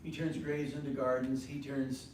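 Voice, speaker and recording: A man's voice: medium pitch, level tone, moderate pace, a little mellow, a little hiss or hum. A man teaching a faith class in a meeting room, talking conversationally, repeating his points and asking the group questions. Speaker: ministry teacher. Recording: very echoey room from far off.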